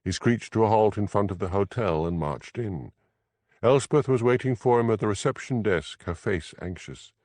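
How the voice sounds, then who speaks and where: A man reading an audiobook mystery as narrator, in measured, expressive storytelling. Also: on the low side, dry recording. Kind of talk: scripted narration.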